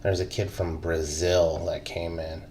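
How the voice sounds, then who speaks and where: A man in his thirties with a very low voice spins loose, swear-laden stories from his army days. He talks in an easygoing, laughing way, with a faint hum running under the recording. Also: flat delivery, normal speed, darkish tone. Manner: laid-back, profane, laughs through stories. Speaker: podcast co-host, army veteran. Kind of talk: casual chat, storytelling.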